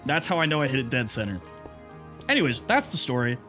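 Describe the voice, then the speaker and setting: Young male streamer, mid-pitch, chatty and rambling, music playing under him. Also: sing-song, fast talker, pushed and bright. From United States. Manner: chatty, rambling, greets viewers mid-story. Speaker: livestreamer. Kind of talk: casual storytelling to chat.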